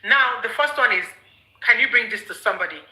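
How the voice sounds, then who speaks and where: A woman's voice: a little high, animated, brisk, pushed and bright, reverberant, low-quality recording. A woman hosting a live chat, explaining firmly step by step. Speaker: live stream host. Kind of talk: casual live chat discussion.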